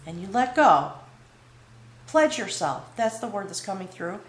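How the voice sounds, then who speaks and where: A woman giving a spoken tarot reading to viewers. She talks in a meandering, earnest way, often checking in with "okay?", and sounds a little choked up with emotion. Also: fairly high pitch. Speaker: tarot reader. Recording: echoey room with faint ambience.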